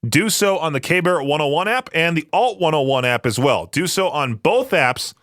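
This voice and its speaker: A man's voice: a little high, expressive, moderate pace, fairly bright tone, dry recording, studio quality. Chatty young male radio DJ. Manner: chatty and rambling, laughs often. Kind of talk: casual radio chat. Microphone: studio microphone.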